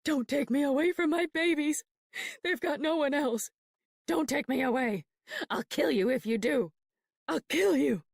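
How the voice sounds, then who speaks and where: A woman's voice: mid-range voice, steady tone, a little slow, pauses often, dark tone, no echo, studio quality, lightly acted. A woman voicing a frantic, feverish young mother who screams and pleads to be left with her children. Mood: desperate. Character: frantic sick young mother, terrified, defiant.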